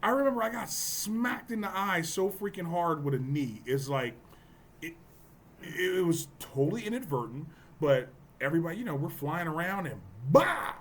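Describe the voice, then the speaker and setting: Podcast host, male, animated delivery, bright tone, cusses freely, faint room noise. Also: fairly high pitch, moderate pace. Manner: loud, profane and joking. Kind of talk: casual chat.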